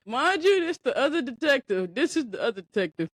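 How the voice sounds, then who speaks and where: A woman's voice: high-pitched, big pitch swings, brisk, dry recording, clean studio sound. A woman hosting a podcast, telling a story in a rambling, conversational way and talking straight to her listeners. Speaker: podcast host. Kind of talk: casual storytelling chat.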